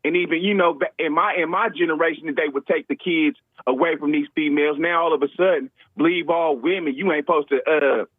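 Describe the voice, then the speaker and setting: High-voiced man ranting on the phone. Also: fairly even intonation, fast, few pauses, no echo. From Ohio. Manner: emphatic, slangy, indignant. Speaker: caller. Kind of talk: call-in rant. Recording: tinny phone line.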